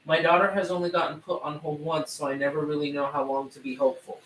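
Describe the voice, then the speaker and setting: A man moderating a live stream reads viewer questions aloud, his voice a touch higher than usual. He stumbles a little over names, and the sound is roomy and far from the mic. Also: flat delivery, a bit bright. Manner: reads names haltingly, apologetic.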